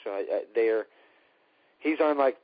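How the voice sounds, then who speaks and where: Husky, sarcastic man on a podcast. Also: mid-range voice, a little slow, no echo. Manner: sarcastic, opinionated. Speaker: podcast co-host. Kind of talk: casual wrestling talk show chat. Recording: dull lo-fi dry recording.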